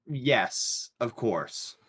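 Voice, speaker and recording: Slow, lively-voiced man playing a tabletop character. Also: mid-range voice, slightly rough. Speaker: player.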